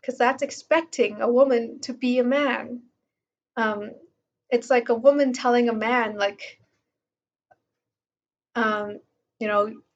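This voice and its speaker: Casting note: woman with a slightly high voice, relaxed book-commentary delivery full of fillers, muffled recording. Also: measured pace, long pauses. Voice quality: casual, with fillers like um and like. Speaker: book reviewer. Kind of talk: reading aloud and commenting on a book.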